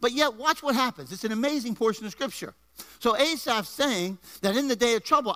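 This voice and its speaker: A male pastor delivering an energetic sermon in a church. His voice sits high and sounds bright and forceful, climbing with emphasis. He throws in asides and jokes to the people in the pews. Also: a little fast. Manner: energetic preaching with rising emphasis and jokes to the congregation. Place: church before a congregation.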